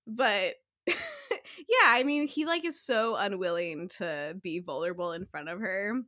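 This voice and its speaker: Woman co-host, bright, bouncy pitch, chatty with lots of fillers and laughs. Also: animated, a little slow. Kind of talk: casual chat about an anime.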